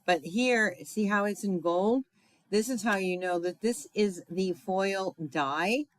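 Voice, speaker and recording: A woman's voice: medium pitch, slow pace, no room sound, rough recording. A woman giving a casual live craft demonstration, chatty and thinking aloud, talking to her viewers with fillers and asides.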